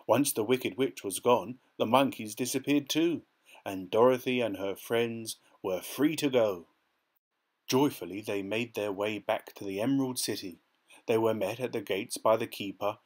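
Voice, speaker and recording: A man narrates a classic children's story. He reads in a steady, expressive way. His voice sits at a middle pitch. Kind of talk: storybook reading.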